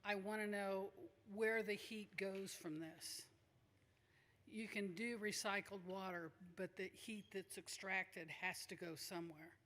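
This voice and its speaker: Give me a concerned woman resident with a measured, questioning delivery at a forum, with long reverb. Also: mid-range voice, fairly even intonation, fairly bright tone. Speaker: resident speaking at a public forum. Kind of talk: public comment. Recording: reverberant hall.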